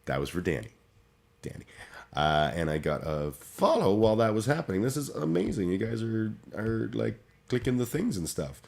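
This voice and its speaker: A man's voice: fairly low pitch, creaky. A man chatting casually on his livestream, rambling and self-deprecating with lots of restarts. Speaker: streamer.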